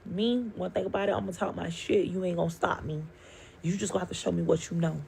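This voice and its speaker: A young woman, telling a story with animated, profane emotion. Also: on the low side, fast talker, gravelly, slight background noise. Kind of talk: storytime vlog.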